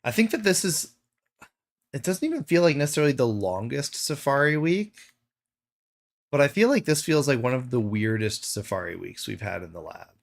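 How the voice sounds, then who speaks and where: A man's voice: mid-range voice, very animated, moderate pace, gravelly. Playful self-mocking male streamer. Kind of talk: live game stream chat.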